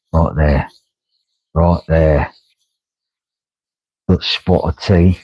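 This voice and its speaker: Guy putting on a goofy fake british bloke, deep gravelly voice, kinda hammy, sounds a bit muffled. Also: a little mellow, no room sound, heavily acted. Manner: hammy, clumsy put-on British accent. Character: jokey mock British bloke, man, cheery and posh.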